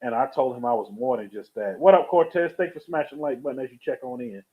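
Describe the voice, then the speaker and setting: A man's voice: medium pitch, fast. A man live-streaming, telling a rambling story in a casual, chatty way and greeting viewers from the chat. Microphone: webcam or USB streaming setup. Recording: tinny phone-like sound.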